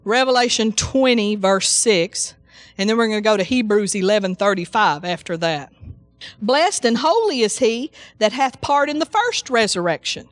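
A woman preacher delivering a fervent sermon, reading scripture slowly and calling out praise. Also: mid-range voice, lively intonation, no echo. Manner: fervent, slow emphatic scripture reading with exclamations.

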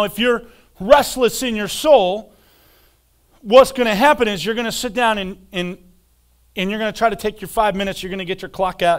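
A male pastor in his thirties delivers a sermon in an unusually high voice. He preaches at an unhurried, deliberate pace, swings into animated quoted voices and often repeats words as he builds a point. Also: smooth.

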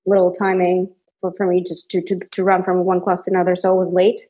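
A young adult actress from Kazakhstan, a guest in a casual interview conversation, tells stories animatedly with many restarts and bursts of laughter. Her pitch is fairly low and her tone warm, she talks at a quick pace, and her delivery is completely flat.

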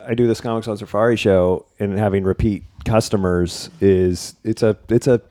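Male comedian, casual and blunt, lower voice. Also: fairly even intonation, normal speed, warm tone. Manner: blunt, self-deprecating. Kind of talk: casual chat.

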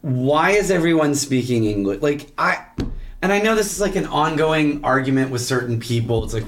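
A man's voice: a little high, animated, moderate pace, slight background noise. A man co-hosting a podcast, bluntly and sarcastically tearing into a movie in casual chat, swearing freely. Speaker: podcast co-host.

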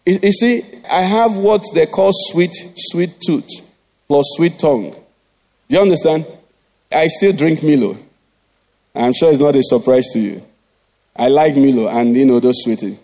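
A man's voice: medium pitch, normal speed, long pauses, mellow. A middle-aged man preaching a sermon in church, often asking the congregation "what?" to finish his lines. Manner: call-and-response questions to the congregation. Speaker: pastor.

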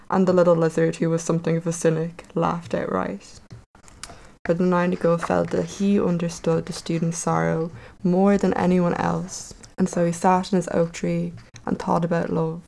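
A woman's voice: lowish voice, little pitch movement, normal speed, creaky, a little mellow, rough recording. A woman casually retelling a fairy tale aloud, with wry conversational asides. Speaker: storyteller.

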